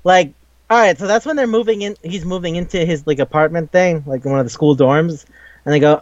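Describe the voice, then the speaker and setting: A young man co-hosts a casual anime talk, animated and quick to swear. He keeps slipping into the lines he quotes. His fairly high voice sits on a dull, lo-fi recording with a dry, close sound. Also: no room sound. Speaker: podcast co-host. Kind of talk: casual anime review chat.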